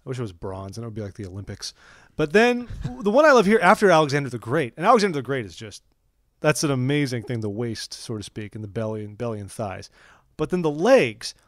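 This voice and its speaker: A man's voice: mid-range voice, sing-song, fast talker, fairly bright tone, no room sound, studio quality. A man hosting a casual scripture discussion podcast, playful and jokey, thinking aloud as he goes. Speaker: podcast host.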